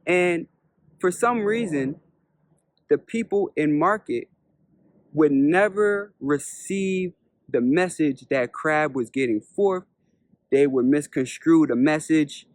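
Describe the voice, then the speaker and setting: A man who is a spiritual teacher, telling a parable as a lesson in an unhurried way, repeating points and asking rhetorical questions. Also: on the high side, dry recording, clean studio sound. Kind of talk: storytelling lesson.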